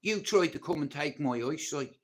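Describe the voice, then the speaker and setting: A man's voice: a little high, lively intonation, moderate pace. A man with a Dublin Irish accent telling his own story on a livestream, blunt and intense, swearing often. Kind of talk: casual storytelling monologue.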